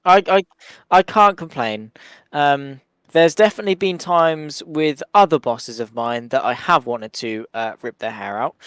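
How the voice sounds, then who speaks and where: A man's voice: on the high side, a bit bright, smooth, dry recording, studio quality. A man commentating a sim race, reading out results and swapping teasing banter with his co-commentator. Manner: brisk results rundown, teasing.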